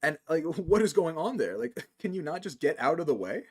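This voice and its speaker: A man from New rants in casual stream chat, saying "like" constantly. His voice sits a little high and moves in a lively way. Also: moderate pace, husky. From New York. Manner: animated ranting, says "like" a lot, laughs often.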